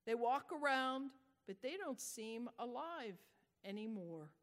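A woman voicing an earnest, gentle five-year-old girl while retelling a story, with her voice carrying in a long-echoing hall. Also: on the high side, lively intonation, slow pace. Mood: earnest, pleading. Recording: echoey hall.

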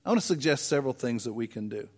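A man's voice: mid-range voice, animated, very fast, darkish tone, long reverb tail. A man preaching a conversational sermon as pastor, asking the congregation rhetorical questions. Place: church sanctuary.

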